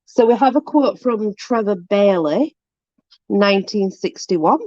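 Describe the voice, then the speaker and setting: A woman's voice: medium pitch, animated, measured pace, a little mellow, no echo. A woman hosting, reading sayings from a book aloud with amused, puzzled asides and the odd swear word. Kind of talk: casual reading aloud with commentary. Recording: dull, dry lo-fi recording.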